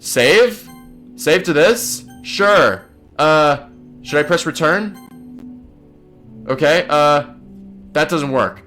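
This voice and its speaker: A man's voice: on the high side, lively intonation, very slow, pauses often, pushed and bright. A man giving gameplay commentary, flustered and swearing a lot as he talks to his viewers. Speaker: let's play gamer. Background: game music.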